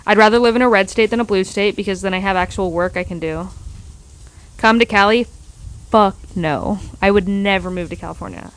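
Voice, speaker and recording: A woman chats on a casual livestream from outdoors on a windy day, speaking close into a phone microphone. She answers viewer questions in a loose, rambling way, swears freely and restarts her sentences often. Her pitch sits in the middle for a woman. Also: brisk.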